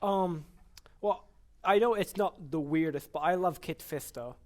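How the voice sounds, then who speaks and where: A man's voice: on the high side, measured pace, darkish tone. A young man co-hosting a casual podcast, chatting easily with his friends. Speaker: podcast co-host. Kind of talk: casual chat among friends.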